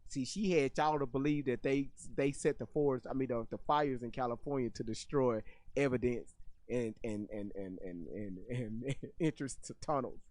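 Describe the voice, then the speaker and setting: A man's voice: mid-range voice, moderate pace, darkish tone, dry recording. A man hosting his own channel, giving casual commentary on a video clip in an incredulous way, repeating himself and swearing freely. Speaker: channel host reacting to clips.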